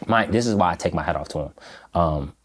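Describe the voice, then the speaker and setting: Man, very low voice, interview guest, slow reflective delivery, pauses often. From Michigan, USA. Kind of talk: interview, recounting a personal story.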